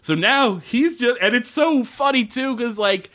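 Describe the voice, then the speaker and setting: A man in casual podcast chat, telling a story with a pitch that leaps all over. His tone is bright and forward, and he slips into voices for the people in the story. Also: unhurried. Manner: animated storytelling, quoting characters in shifting voices, swearing. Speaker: podcast co-host recapping a TV episode.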